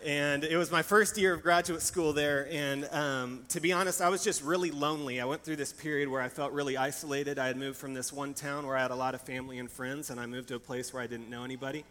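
A man's voice: medium pitch, steady tone, fast talker, hardly any pauses, fairly bright tone. A young adult man preaching a sermon, telling stories in a candid, conversational and personal way. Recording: long hall reverb, faint background hiss.

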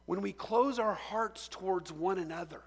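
Man, pastor, sermon; raised pitch, gravelly edge, lively storyteller asking the room questions, long hall reverb. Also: normal speed. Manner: animated storytelling with rhetorical questions.

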